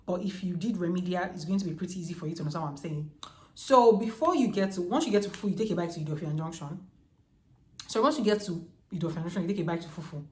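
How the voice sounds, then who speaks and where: A Nigerian woman in her twenties telling a storytime vlog in a lively, chatty way, full of slang. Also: on the low side. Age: 20s. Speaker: vlogger. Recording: echoey room.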